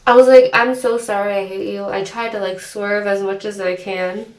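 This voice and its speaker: A young woman vlogger telling a storytime story in a chatty, animated way, full of filler words. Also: medium pitch, normal speed. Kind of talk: storytime chat. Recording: roomy echo, distant mic.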